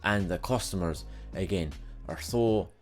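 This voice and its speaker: A young man hosts a podcast as a casual solo monologue, telling rambling, sweary stories about his past jobs with exasperated humor. His voice is low-pitched and unhurried, with faint music in the background.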